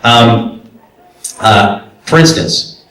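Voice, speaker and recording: This voice actor and director answers convention panel questions in a mid-range, slightly bright voice, drawing out his words. Recorded from far off in an echoey room, his casual Q&A with the live audience is loose, chatty, and full of fillers and restarts.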